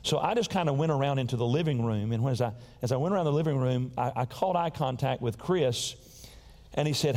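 A man's voice: mid-range voice, fairly quick. A man preaching a sermon and telling personal stories in a folksy, emphatic way. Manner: folksy, emphatic, repeats words when excited. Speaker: pastor. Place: large church sanctuary. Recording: long hall reverb in a church.

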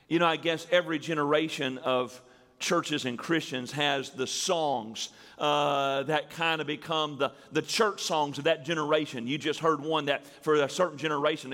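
A pastor addresses his congregation in a church sanctuary, drawing out key words as he builds emphasis, with the hall's reverb audible. His voice is fairly high with a sharp tone.

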